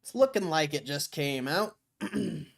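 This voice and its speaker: A man's voice: fairly high pitch, lively intonation, measured pace, gravelly. A man hosting a livestream, chatting casually in a laid-back way with loose slang and frequent chuckles. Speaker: livestream host.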